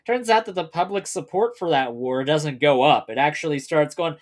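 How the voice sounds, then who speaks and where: A man's voice: a little high, normal speed. A man hosting a political commentary livestream, reading articles and ranting with heavy swearing. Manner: ranting, heavily profane, loose with fillers. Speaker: livestream host.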